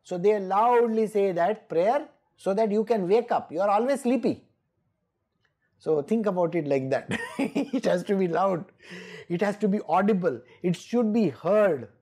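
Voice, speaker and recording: A woman's voice: mid-range voice, animated, a little slow, dark tone, breathy edge. A woman giving a scripture exposition, emphatic and scolding, often laughing. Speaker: spiritual teacher.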